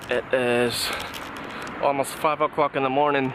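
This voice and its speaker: A man's voice: medium pitch, flat delivery, unhurried, background noise. A man vlogging his travels, chatting casually into a handheld camera and laughing often. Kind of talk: casual vlog chat. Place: bar, then city street at night.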